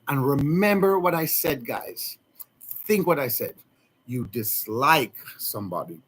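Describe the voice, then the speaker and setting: A man's voice: medium pitch, slightly rough. A young man with a Jamaican accent, earnestly talking to his viewers in a rambling, emotional way. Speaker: vlogger. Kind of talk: casual heartfelt talk to viewers.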